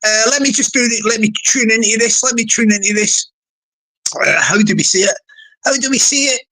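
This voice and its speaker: A high-pitched woman hosts a casual livestream. She rambles in a playful, sing-song way, repeating words and restarting phrases as she goes. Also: brisk, fairly bright tone, low-quality recording. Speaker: livestream host.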